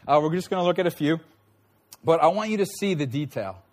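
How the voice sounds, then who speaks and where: A man's voice: fairly high pitch, lively intonation, fairly quick, darkish tone. Chatty man preaching a sermon. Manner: conversational, checks in with listeners often. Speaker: pastor.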